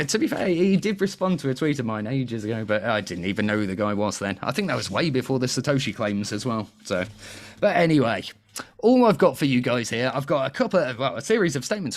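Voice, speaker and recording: A man's voice: medium pitch, big pitch swings, brisk. A man hosting a comedic panel quiz show in a cheeky, chatty way, laughing often.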